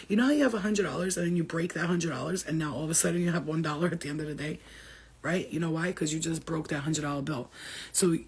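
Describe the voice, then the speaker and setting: A woman's voice: low-pitched, vocal fry, breathy edge. A woman, a spiritual healer, rambling and swearing freely in casual chat with her viewers.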